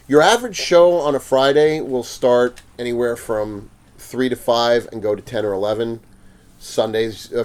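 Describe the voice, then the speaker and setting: A man's voice: fairly low pitch, a little mellow. A man, a podcast guest, telling stories in a casual way, swearing freely and laughing as he acts out the other people in them. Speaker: podcast guest, fang maker. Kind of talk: casual storytelling. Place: podcast studio.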